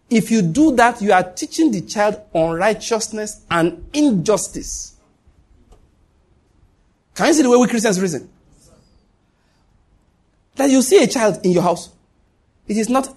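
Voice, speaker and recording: A man's voice: sits high, lively intonation, measured pace, pauses often, darkish tone, slightly rough. A man preaching a sermon as pastor, emphatic, repeating key lines and dropping joking asides.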